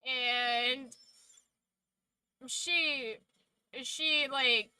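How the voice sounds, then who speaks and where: A woman's voice: high voice, steady tone, extremely slow, sharp tone, smooth, no room sound, low-quality recording. A woman streamer chatting casually with her viewers, rambling and chatty, swearing freely and trailing off mid-thought. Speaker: streamer hosting a watch-along. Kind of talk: casual live chat.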